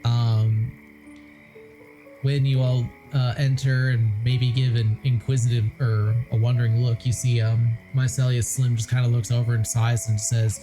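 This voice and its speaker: A woman narrating a tabletop game as game master, laid-back, with frequent pauses and laughs. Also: very deep voice, flat delivery, mellow, faint music behind, rough recording.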